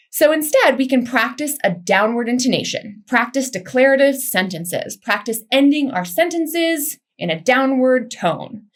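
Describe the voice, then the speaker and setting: Woman coach, kinda high voice, laughs a lot, chatty webinar vibe. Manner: lively, chatty, laughs often. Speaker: career coach presenter. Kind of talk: webinar presentation.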